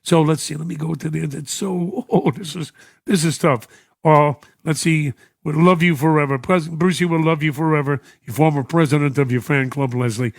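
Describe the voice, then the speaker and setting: Older radio host, emotional, dry studio sound. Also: male voice, a little high, fairly even intonation, moderate pace, gravelly, no room sound. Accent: New York. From United States. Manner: warm, emotional, chuckling often. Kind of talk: radio show reading listener messages. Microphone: studio microphone.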